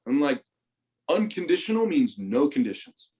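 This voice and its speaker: A young man tells his story as an interview guest, animated and profane, with a voice at an ordinary middle pitch. His volume swings between loud bursts and hushed asides as he talks. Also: fairly quick. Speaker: podcast guest, retired football player.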